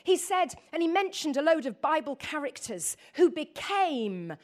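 A middle-aged woman from the north of England delivers a lively sermon, her voice sitting high and bright. She talks straight to the congregation, throws out questions and drifts into chatty personal asides. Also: a little slow. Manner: animated, asks the audience questions, chatty asides. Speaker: preacher.

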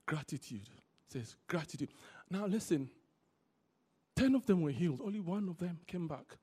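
Guy preaching, higher voice, keeps repeating the key words, gets lively telling stories. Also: moderate pace, breathy edge. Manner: animated storytelling. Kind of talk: sermon.

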